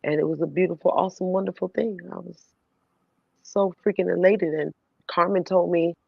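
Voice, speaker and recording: A woman telling a personal story in casual chat, animated and laughing, swearing freely. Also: lowish voice, moderate pace, vocal fry, husky, no room sound. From New York City. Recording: dull, dry sound.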